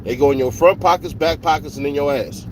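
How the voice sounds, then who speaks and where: A man's voice: on the high side, quick pace. Man, vlogger, slangy profane storytelling, driving car, faint engine hum. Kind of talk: casual chat while driving.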